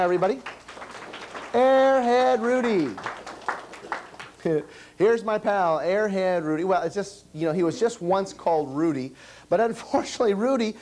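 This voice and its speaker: A man performing as a children's entertainer, telling a comic story on stage and firing questions at the kids. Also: sits high. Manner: animated, quizzes the kids.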